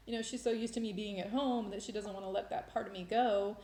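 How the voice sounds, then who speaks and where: Woman vlogger, mid pitch, emotional and rambling, recorded in an echoey room. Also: fairly even intonation, normal speed, few pauses, dark tone. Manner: emotional, rambling with many restarts. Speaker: vlogger sharing faith experiences. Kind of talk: casual testimony monologue. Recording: roomy echo.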